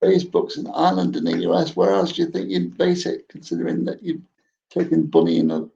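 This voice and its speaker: Host guy asking questions kinda haltingly, really gravelly and high, sounds far off and muffled. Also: big pitch swings, dark tone. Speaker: interview host. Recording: distant, dull lo-fi video call.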